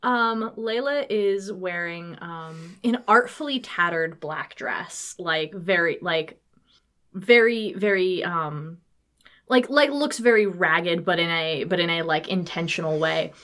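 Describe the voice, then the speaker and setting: A woman's voice: on the low side, takes it slowly, a bit bright. A woman playing in a tabletop game, describing her character with many ums and restarts. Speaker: player. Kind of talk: casual actual-play chat.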